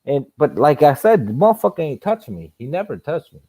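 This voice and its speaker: A man recounts his sparring days in loose, profane casual chat, acting out punches with sound effects. His voice is dark and mellow. The recording is close and dry, with no room sound. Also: a little high, big pitch swings, a little fast, dry recording. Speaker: host of a live boxing chat.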